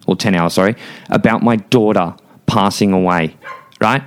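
A young man with a low, deep voice talks as a podcast guest. His speech is casual and unpolished, packed with "like" and "dude", and he swears bluntly as he tells a personal story. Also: a little fast. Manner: blunt, heavy swearing and filler words.

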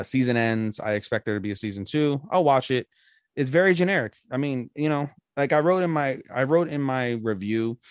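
A man's voice: mid-range voice, clear, resonant tone, dry recording, clean studio sound. A man co-hosting a podcast, chatting casually and rambling through a plot recap with loose, profane talk. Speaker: podcast co-host. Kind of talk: casual anime review chat.

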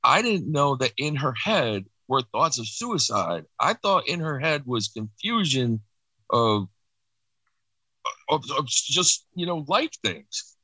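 A middle-aged man speaking haltingly and softly, with many restarts, as he recounts a personal loss. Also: medium pitch, big pitch swings, no echo, rough recording. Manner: halting, restarts, soft and reflective. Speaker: guest sharing personal loss. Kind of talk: emotional personal account.

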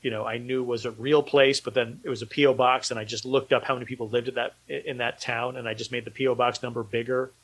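Rambling, sarcastic man with a mid-pitched voice. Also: flat delivery, fast talker, hardly any pauses, slightly rough, low-quality recording. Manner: rambling, dry and sarcastic, many fillers. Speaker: independent filmmaker guest. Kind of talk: casual podcast conversation.

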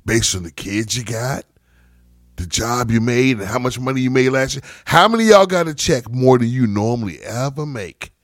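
A man's voice: medium pitch, lively intonation, normal speed, no room sound, studio quality. A man on a casual podcast panel, ranting heatedly and emphatically, with frequent cursing.

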